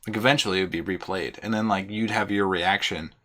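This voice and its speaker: A man's voice: low voice, fast talker, pushed and bright. A man co-hosting a casual podcast chat, thinking aloud in a hesitant, musing way. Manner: musing, hesitant, lots of "like" fillers. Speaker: podcast co-host.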